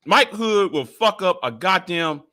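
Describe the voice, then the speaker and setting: Male livestream host, high bright voice, angry profane rant, stammers and repeats words. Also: expressive, unhurried.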